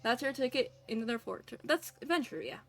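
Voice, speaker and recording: A woman voicing a crude, foul-mouthed gangster man, reading him with a put-on Southern US accent in a gruff, bossy way. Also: fairly high pitch, lively intonation, brisk.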